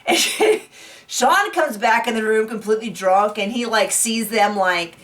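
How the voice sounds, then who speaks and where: A woman's voice: a little high, measured pace, fairly bright tone, far from the mic. Chatty woman recapping, mic set back. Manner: chatty, giggly, many fillers and restarts. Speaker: recap show host. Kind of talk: casual TV recap chat.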